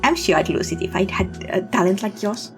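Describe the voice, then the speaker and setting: A woman's voice: mid-range voice, fairly quick, soft background music, natural voice. A woman voicing a quirky young female witch diviner in a game, with an exaggerated mock Russian accent. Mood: warm, playful.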